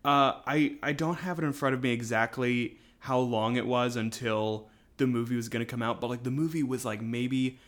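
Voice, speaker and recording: A man's voice: medium pitch, steady tone, normal speed, hardly any pauses. A man co-hosting a podcast in casual chat, rambling with lots of fillers. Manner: rambling, filler-heavy, chuckles often. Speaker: podcast co-host.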